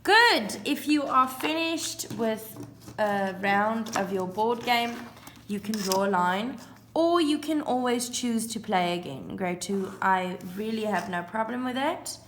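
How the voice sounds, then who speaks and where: A woman's voice: fairly high pitch, lively intonation, slow, fairly bright tone, slight background noise. A woman teaching a recorded phonics lesson to young children, sounding out letters and counting spaces aloud. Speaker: primary school teacher.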